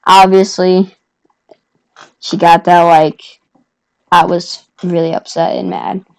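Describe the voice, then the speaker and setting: A woman's voice: on the low side, level tone, slow, vocal fry, low-quality recording. A woman vlogger telling a personal story in a casual, rambling way, often correcting herself.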